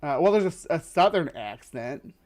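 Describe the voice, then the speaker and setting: Male host, lower Midwestern accent, slightly high-pitched, loose rambling commentary. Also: expressive, moderate pace, soft background music. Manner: rambling, with many fillers and restarts. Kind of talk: casual commentary reacting to a video.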